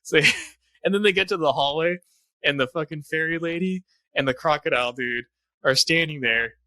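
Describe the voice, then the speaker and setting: A man's voice: a little high, moderate pace, pushed and bright. A young man in casual chat, animatedly retelling movie scenes with lots of swearing and laughter. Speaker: podcast co-host, film reviewer.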